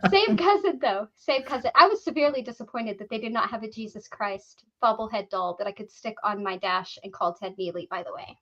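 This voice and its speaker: A woman's voice: a little high, brisk, few pauses, dull audio. A woman casually telling a story on a podcast, acting out the voices of the people in it. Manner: animated, acts out quoted voices.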